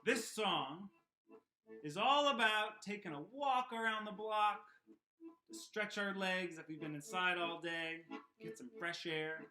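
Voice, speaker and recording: A man teaching a children's puppet and sing-along lesson at home, speaking gently and encouragingly. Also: sits high, a little slow, over music. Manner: gentle, encouraging, talks to kids. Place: home room.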